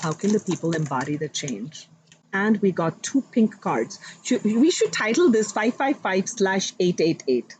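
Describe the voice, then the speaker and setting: A woman giving a live tarot reading, speaking warmly and directly to her viewers with affirming spiritual encouragement. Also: medium pitch, big pitch swings, measured pace, a little hiss or hum, low-quality recording. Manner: chatty, addresses viewers directly. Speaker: tarot card reader.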